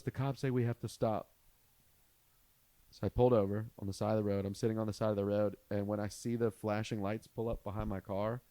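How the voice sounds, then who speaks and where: A young man with a lowish voice tells a long, rambling story on a podcast, loose and chatty. He breaks into little impressions of the people in it. The sound is dry and close to the mic. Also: clean tone, no echo. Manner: rambling, animated storyteller who acts out quotes. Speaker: comedian podcast host. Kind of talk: casual storytelling chat.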